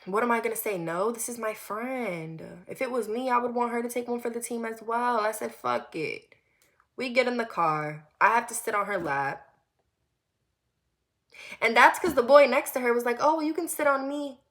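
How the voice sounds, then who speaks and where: A young woman telling a personal story in a vlog, animated and repetitive, with lots of swearing. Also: a little high, normal speed. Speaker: vlogger.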